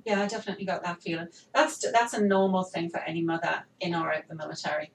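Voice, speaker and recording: A woman's voice: fairly low pitch, fairly even intonation, fast talker, gravelly, a little hiss or hum. A woman with an English accent, a military spouse, talking reflectively in a casual podcast conversation. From England. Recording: roomy, distant mic, faint ambience.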